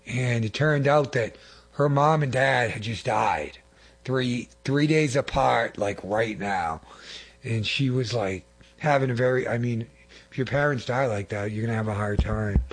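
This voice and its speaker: A man with a husky, slightly breathy voice gives an informal testimony before a congregation. He talks in an earnest, rambling way, often stopping to correct himself mid-thought. His pitch sits in an ordinary middle range. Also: unhurried.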